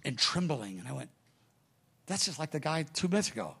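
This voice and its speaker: Creaky-voiced man preaching, telling a story. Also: a little high, fairly quick, pauses often. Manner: animated storyteller acting out voices, shifting from hushed to loud. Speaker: pastor. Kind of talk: sermon storytelling.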